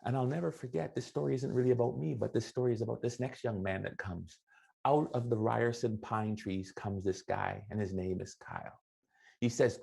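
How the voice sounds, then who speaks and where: Gravelly, husky man giving a motivational speech. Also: lowish voice, fairly quick. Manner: animated, acts out dialogue with voices. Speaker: motivational keynote speaker.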